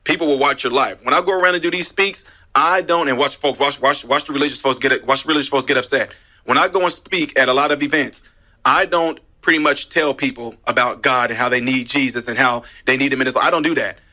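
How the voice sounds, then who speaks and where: A man, a minister hosting a talk radio show, telling his story in a casual, animated way with emphatic repeats. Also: medium pitch, fast. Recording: radio broadcast.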